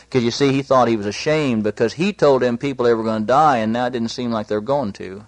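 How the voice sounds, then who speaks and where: A man preaching a sermon, earnest, lifting his voice high when he quotes scripture. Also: fast talker, hardly any pauses, no room sound. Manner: earnest, rising pitch for emphasis, quotes scripture in a raised voice.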